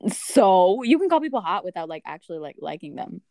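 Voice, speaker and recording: A woman with a lowish voice chats casually with a friend at a brisk clip. She tells stories animatedly, acting out what people said and texted.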